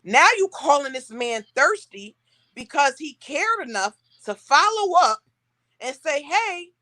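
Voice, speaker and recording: A young woman hosting a casual chat, telling stories with animated, acted-out quotes. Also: high voice, a little slow, dry recording. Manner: animated storytelling, acting out quotes. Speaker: podcast host.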